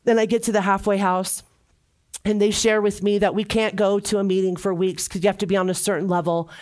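A woman's voice: medium pitch, flat delivery, brisk, darkish tone. Earnest middle-aged woman giving testimony. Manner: earnest and heartfelt, with emphatic repetitions. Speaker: church member giving testimony. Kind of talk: personal testimony.

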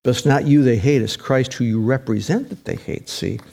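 A man's voice: medium pitch, moderate pace, creaky, warm tone. A middle-aged male pastor preaching a sermon, emphatic, with his voice swinging up and down for emphasis.

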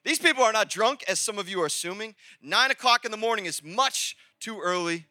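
Male pastor, high and very bright voice, casual sermon delivery with loud bursts, dry close sound. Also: brisk, dry recording. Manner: energetic, conversational preaching with sudden loud peaks.

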